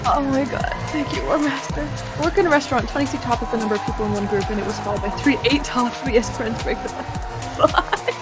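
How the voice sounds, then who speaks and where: A woman's voice: a little high, fast, over loud music. A young woman on a casual stream, giggly and emotional, gushing thanks to viewers. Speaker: guest streamer.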